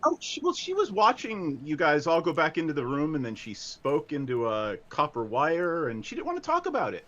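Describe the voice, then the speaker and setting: A man's voice: on the high side, wildly swooping pitch, fairly quick, a bit bright, lo-fi sound. A man playing his character at the table, overly polite and awkward. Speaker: player.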